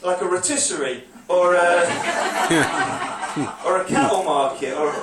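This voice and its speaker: Man, stand-up storyteller, higher voice, caught on a phone from far back in a very echoey club. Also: slow pace, over a noisy crowd, heavy background noise. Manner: rambling storytelling, acts out drunk clubbers in shouted bursts. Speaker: stand-up comedian. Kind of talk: stand-up comedy set. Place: comedy club stage, live audience. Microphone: phone recording from the audience.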